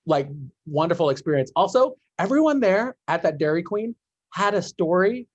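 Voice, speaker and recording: Man, podcast host, higher voice, chatty riffing, video call, muffled dry audio. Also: expressive, normal speed, dry recording. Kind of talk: casual chat over a video call.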